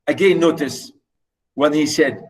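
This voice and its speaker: Literature teacher, emphatic, talks to the class, slow and fairly high. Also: male voice, low-quality recording. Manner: chatty and emphatic, asks the class questions. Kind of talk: online literature lesson.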